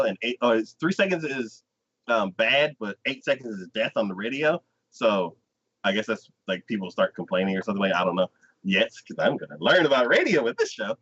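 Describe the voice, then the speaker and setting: A man co-hosting a podcast, chatting casually and acting out anime scenes in lively, excited retellings full of "like.". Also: fairly low pitch. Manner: animated storyteller acting out scenes, frequent "like". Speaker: podcast co-host. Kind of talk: casual anime review chat. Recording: dull lo-fi podcast audio.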